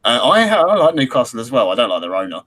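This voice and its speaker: Bright, lively man ranting about football. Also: mid-range voice, rapid-fire. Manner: animated, blunt, swears freely. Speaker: podcast co-host. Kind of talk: casual football chat.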